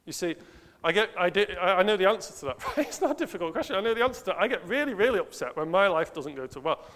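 A man's voice: sits high, very animated, very fast, fairly bright tone. Man preaching in a reverberant hall. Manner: earnest, self-questioning, asks the listeners rhetorical questions. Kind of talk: sermon.

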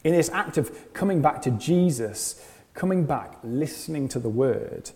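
A man's voice: fairly high pitch, expressive, measured pace, dark tone, long reverb tail. A man preaching a sermon, earnest, often repeating phrases and asking rhetorical questions.

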